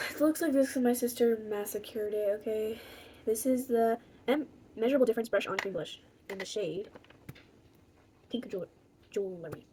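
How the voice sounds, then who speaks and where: A woman's voice: fairly high pitch, noisy background. A woman chatting casually through a makeup tutorial, rambling and joking to herself. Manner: rambling, talks to herself, jokey. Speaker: beauty vlogger.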